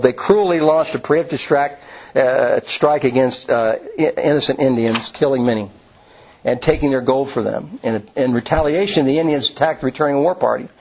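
A man's voice: on the high side, a little mellow, husky. A man preaching a sermon, reading scripture and quoting passages aloud between plain asides, with frequent restarts. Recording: dull lo-fi sound.

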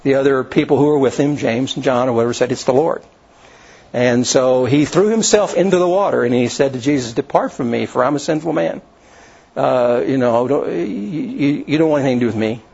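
Male preacher, husky, retelling scripture casually with asides, muffled lo-fi recording. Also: medium pitch, fairly quick, darkish tone. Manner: retells scripture in his own words, with restarts and asides. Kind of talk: informal sermon storytelling. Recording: dull lo-fi recording.

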